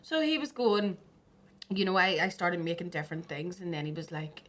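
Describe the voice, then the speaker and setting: A woman's voice: mid-range voice, sing-song, brisk, fairly bright tone. A woman, hosting a casual podcast chat and telling stories with plenty of swearing. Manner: swearing, storytelling, laughs often. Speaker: podcast host.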